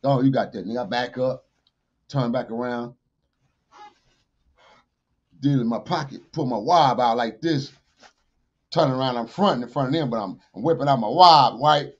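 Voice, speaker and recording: A man, a podcast guest telling a street story with profanity, acted-out dialogue and shouted sound effects. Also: medium pitch, measured pace, long pauses. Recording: dull lo-fi podcast audio.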